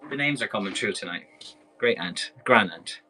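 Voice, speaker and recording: Bright-voiced Irish man selling clothes live. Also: fairly low pitch, lively intonation, moderate pace, faint music behind, low-quality recording. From Ireland. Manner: chatty, enthusiastic, rambling. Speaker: live-stream clothing seller. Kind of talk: casual live sales patter.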